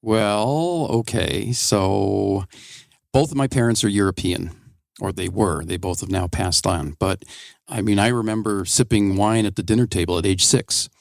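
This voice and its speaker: A man's voice: lowish voice, a little slow, vocal fry, no echo. A man in his sixties from Wisconsin, a guest winemaker chatting wryly and telling rambling stories in a radio studio interview. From Wisconsin, USA. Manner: chatty, wry, rambling anecdotes. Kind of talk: casual radio interview storytelling.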